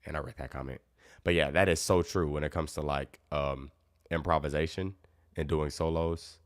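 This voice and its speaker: A man with an extremely deep voice teaching guitar in a laid-back live Q&A. He talks in a loose, friendly way and answers viewer comments as he goes. The sound is close and dry, with no room echo. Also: normal speed. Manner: relaxed, chatty, reads out viewer comments. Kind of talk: casual live Q&A stream.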